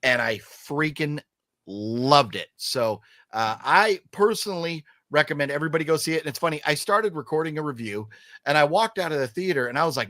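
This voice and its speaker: A man's voice: on the high side, a little fast, sharp tone, dry recording, clean studio sound. A man hosting a casual movie chat, opinionated and emphatic, rambling with restarts. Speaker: podcast host.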